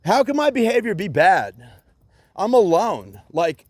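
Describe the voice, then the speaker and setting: A man's voice: sits high, sing-song, a little slow, no echo. A man in a rambling solo rant, agitated and profane, repeating himself with many fillers and bits of sarcasm.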